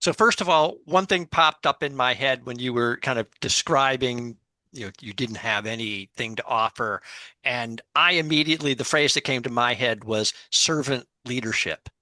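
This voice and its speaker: A man's voice: mid-range voice, normal speed, bright, forceful tone, no echo. A man hosting a podcast, reading a short plug and affirming his guest in an upbeat way. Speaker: podcast host.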